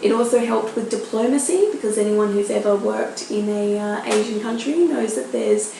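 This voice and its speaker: Recorded in a very echoey room with a bit of faint noise, this podcast guest is an Australian journalist in her thirties. She spins anecdotes like a chatty storyteller, performing the voices she quotes, in a medium-pitched, gravelly, mellow voice with lively intonation and a moderate pace.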